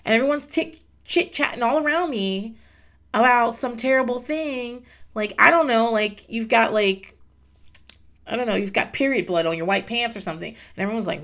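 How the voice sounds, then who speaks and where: A woman's voice: on the high side, normal speed, fairly bright tone. A woman recapping a reality show in a casual, blunt monologue, swearing freely and laughing often.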